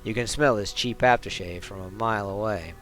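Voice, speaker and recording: A man's voice: fairly low pitch, brisk, fairly bright tone, soft background music. A man casually narrating a game on a stream, laughing often and making self-deprecating asides.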